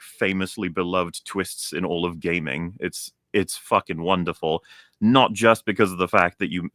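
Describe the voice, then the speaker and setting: A man's voice: sits low, sharp tone, no room sound, studio quality. A young man ranting in a casual show chat, heated and profane, often restarting his sentences. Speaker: co-host.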